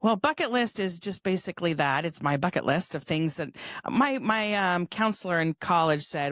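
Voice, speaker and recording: A woman's voice: on the low side, animated, fairly quick, a bit bright, no echo, studio quality. A woman in her fifties from California, telling funny family stories as a guest in a casual interview, laughing often and acting out voices. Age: 50s. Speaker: guest author.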